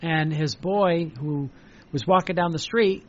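A man's voice: a little high, unhurried, muffled recording, a little hiss or hum. A man preaching a devotional sermon with fervor and repetition, reading passages aloud. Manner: fervent, repetitive, reads quoted passages aloud.

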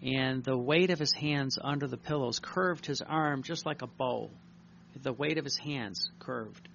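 Gravelly-voiced man preaching a sermon. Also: mid-range voice, a little slow, fairly bright tone, slight background noise. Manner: earnest, reflective preaching with frequent restarts. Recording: dull lo-fi recording.

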